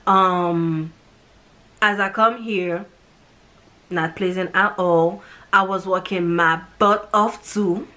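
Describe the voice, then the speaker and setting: A woman's voice: fairly low pitch, fairly even intonation, slow pace, long pauses, bright, forceful tone. A woman from Haiti, talking through a movie review in a rambling, emotional way and acting out what the characters said. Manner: rambling, emotional, acts out quoted lines. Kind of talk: casual emotional retelling.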